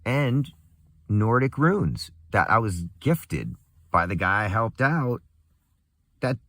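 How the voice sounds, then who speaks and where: Young man, low voice, bitter profane ranter, very animated pitch, dry close sound. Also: takes it slowly, dry recording. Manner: angry, profane, bitter laughter; swings from muttering to raised voice. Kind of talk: casual rant.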